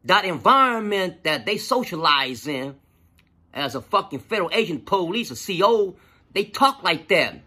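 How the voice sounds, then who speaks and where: A man telling a personal story in a profane, animated, casual way, with lots of fillers. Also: sits high, normal speed, breathy edge.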